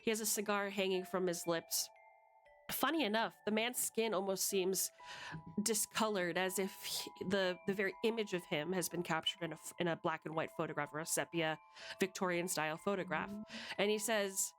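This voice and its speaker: A woman running a tabletop game as game master, describing scenes with many fillers and pauses. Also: mid-range voice, soft background music.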